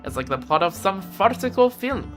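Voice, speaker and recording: A woman's voice: mid-range voice, big pitch swings, normal speed, music in the background, close to an everyday voice. A woman voicing a sly female merchant in a put-on Slavic accent, teasing and stumbling over some words while reading game dialogue aloud.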